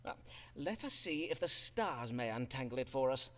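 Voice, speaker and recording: Pompous Elizabethan doctor, game voice, archaic speech, lively pitch. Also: male voice, normal speed. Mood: courteous.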